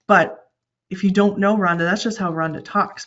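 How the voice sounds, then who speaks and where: Female panelist, team lead, steady explainer, lo-fi call sound. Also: mid-range voice, normal speed. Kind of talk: conversational webinar talk.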